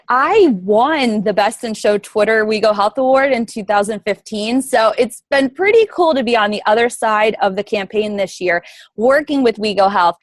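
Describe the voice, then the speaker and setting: Upbeat female co-host, slightly high voice, dry close sound. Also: no echo. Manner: upbeat, enthusiastic. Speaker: podcast co-presenter. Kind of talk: introducing a guest.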